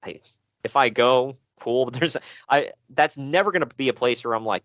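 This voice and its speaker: A man's voice: mid-range voice, normal speed, fairly bright tone, no room sound. A man co-hosting a casual podcast about old wrestling shows, laughing often and slipping into silly voices for jokes. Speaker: podcast co-host.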